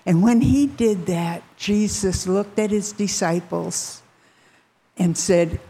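A woman retelling a Bible story to listeners, bringing the quoted characters to life with lively shifts in her voice. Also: takes it slowly, slightly rough. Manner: animated, voices characters with rising pitch.

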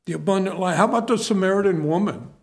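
A man's voice: high-pitched, quick pace. A male pastor preaching a sermon to his congregation in a folksy manner, repeating key phrases for emphasis.

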